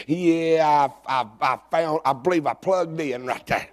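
A middle-aged preacher delivers a sermon from the pulpit. His voice sits fairly high for a man and he speaks slowly and deliberately. He mixes folksy jokes with sudden shouted passages. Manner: folksy, joking and shouting in bursts. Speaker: pastor. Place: church sanctuary.

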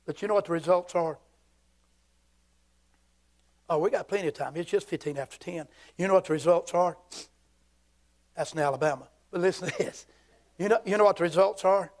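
A Southern man in his fifties preaching a fiery, folksy church sermon, swinging between shouts and hushed asides. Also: high-pitched. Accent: Southern American. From Southern United States. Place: church sanctuary.

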